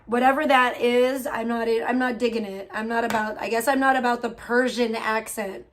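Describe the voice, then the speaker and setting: Brief: woman streamer, slightly high voice, cussing and gossiping in a loose chatty rant. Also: fairly even intonation, moderate pace, a bit bright, slight background noise. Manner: profane, gossipy, venting about other streamers. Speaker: livestreamer. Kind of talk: casual livestream rant.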